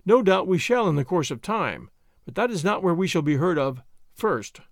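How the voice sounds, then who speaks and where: A man's voice: sits high, big pitch swings, moderate pace, gravelly, no echo, clean studio sound, exaggerated voice. A man reading aloud, voicing an angry, half-drunk little man who speaks defiantly and gloats. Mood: gloating.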